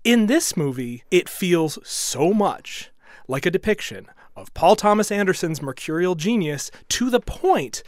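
A man sharing a measured film critique as a podcast panelist. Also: high-pitched, sing-song, dry recording, clean studio sound. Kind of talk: casual chat.

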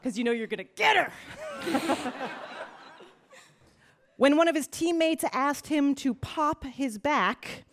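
A woman hosting a quiz show before a live audience, playful and laughing at her own puns. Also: high-pitched. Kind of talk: upbeat game show hosting.

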